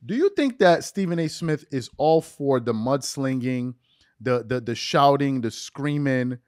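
A man's voice: mid-range voice, lively intonation, a little slow, darkish tone, no room sound, clean studio sound. A man hosting a podcast interview, asking questions in a conversational way and reading quotes aloud. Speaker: podcast host.

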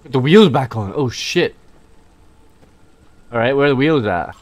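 A man giving casual let's play commentary, excitable, swearing and joking as he plays. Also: medium pitch, measured pace. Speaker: gamer playing through a game.

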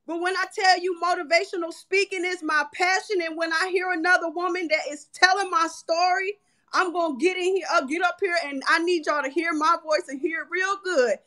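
Woman, motivational speaker, loud, passionate, preacher-like, bright ringing tone. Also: very high voice, steady tone, fairly quick. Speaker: audience speaker in an online audio room.

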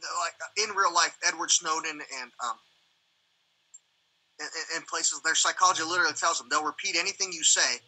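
A man's voice: on the high side, normal speed, slightly rough, rough recording. A man hosting a livestream in casual rambling chat, swearing often and acting out quoted exchanges. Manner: profane, animated, acts out quoted exchanges. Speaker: livestream host.

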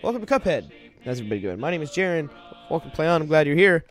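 A man hosting a let's play talks over a game, his voice a touch high for a man and swinging widely in pitch. He is playful and chatty as he plays. Light music runs under his voice. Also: big pitch swings, rapid-fire. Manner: playful, reads story text with voices. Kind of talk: gameplay commentary, reading story aloud.

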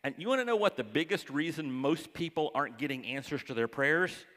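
Folksy joking pastor in a reverberant hall. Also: male voice, on the high side, expressive, fairly quick. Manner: folksy, joking asides to the congregation; acts out quoted voices, dropping to hushed tones. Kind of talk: conversational sermon. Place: church sanctuary.

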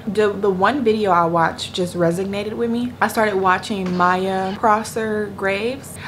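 A woman's voice: medium pitch, unhurried, hardly any pauses. A young woman chatting casually to her viewers from her bed at home, slangy and talkative, speaking to them as "y'all". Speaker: vlogger. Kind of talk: casual chat to camera. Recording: noisy room ambience behind voice.

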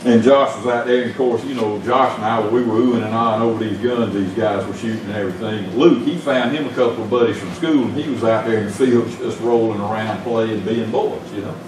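An older man with a Southern US accent preaching a sermon, telling stories in a folksy way with big swings in pitch. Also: fairly even intonation, a little fast, hardly any pauses, noisy background. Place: church sanctuary. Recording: echoey church from far off.

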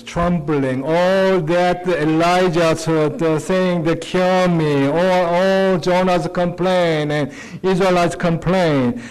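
Man, pastor, sermon, English, earnest, slow, slightly high voice. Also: darkish tone, low-quality recording. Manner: non-native English, earnest and conversational.

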